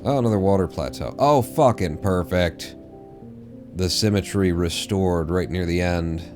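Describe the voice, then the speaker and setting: A man's voice: low voice, measured pace, darkish tone, soft background music. A man streaming a game, rambling and swearing casually to himself as he plays. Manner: rambling, profane, mumbling to himself. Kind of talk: casual live-stream gameplay chatter.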